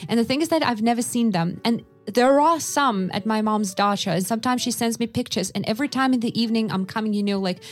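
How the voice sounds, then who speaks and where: A woman in casual chat, telling a lively story and quoting herself with big jumps in pitch. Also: fast talker, hardly any pauses, faint music behind. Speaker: conversation partner.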